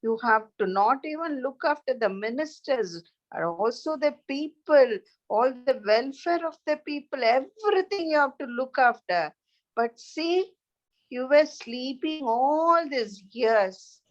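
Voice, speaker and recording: A clever young princess, put on by a woman reader, patiently explaining in a slightly high, slow voice. The sound is dull and lo-fi. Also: animated. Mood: coaxing. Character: clever young princess lecturing her father. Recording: dull lo-fi recording.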